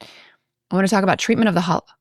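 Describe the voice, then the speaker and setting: A woman's voice: mid-range voice, fast, no room sound. A woman from Baltimore co-hosting a podcast, talking through a film in a chatty way with many asides. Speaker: podcast co-host. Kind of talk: casual film discussion.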